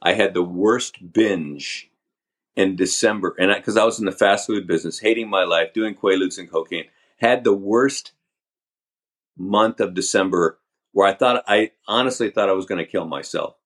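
Older guy on a podcast, lowish voice, candid rambling story, stops and restarts a lot. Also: normal speed, a bit bright. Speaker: guest. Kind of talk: storytelling interview.

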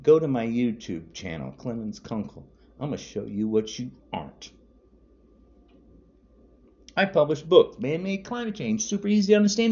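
Furious ranting man, lively pitch. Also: normal speed. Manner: furious, shouting insults, repetitive. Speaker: podcaster. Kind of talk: angry political rant. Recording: dull lo-fi audio.

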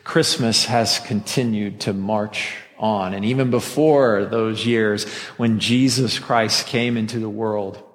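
A man's voice: on the low side, fairly even intonation, slow pace. Man preaching in a reverberant hall. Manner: conversational preaching with self-deprecating jokes. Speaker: pastor. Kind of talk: Christmas sermon. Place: church sanctuary with a masked congregation.

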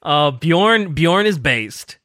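A man co-hosting a podcast, chatting casually and playfully, quick to laugh along. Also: a little high, expressive, bright, forceful tone, dry recording, studio quality. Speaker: podcast co-host. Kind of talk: casual chat.

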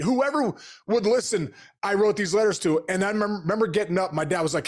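A man's voice: high-pitched, quick pace, hardly any pauses. A man in his forties, a podcast guest, telling stories energetically and acting out the dialogue he quotes. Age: 40s. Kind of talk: casual storytelling.

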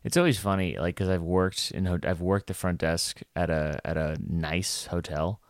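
A man's voice: low-pitched, normal speed, dry recording, clean studio sound. A young adult man, a stand-up comedian, telling a casual rambling story with lots of fillers and restarts.

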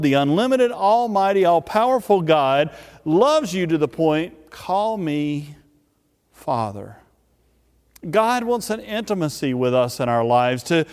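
A man preaching a sermon, speaking emphatically and repeating key words with drawn-out pauses. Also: high voice. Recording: long reverb of a large hall.

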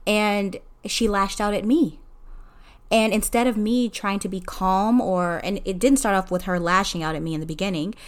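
Middle-aged woman, mid-pitched, earnest and chatty, reflecting on family life in a personal advice talk. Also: normal speed. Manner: earnest, conversational, many "you know" fillers. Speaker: mother sharing advice.

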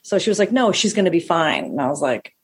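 A woman comedian telling a long profane anecdote, animated and acting out the people she quotes. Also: low-pitched, quick pace, husky. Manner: animated, acts out quoted voices, swears freely. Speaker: stand-up comedian.

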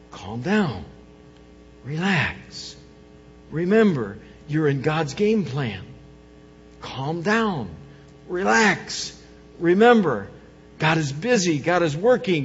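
A male pastor preaching a sermon, moving from soft coaxing lines to loud, emphatic ones. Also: fairly high pitch, sing-song, slow pace, long pauses, faint music behind. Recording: dull sound with long hall reverb.

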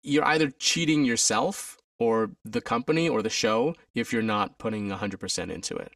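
Speaking at a normal pace, this man is recorded far from the mic, with clean studio sound and no echo. He's an alumnus and stage performer recounting a story from his career in a conversational interview. He animatedly acts out other people's voices, jumping in pitch for each quote.

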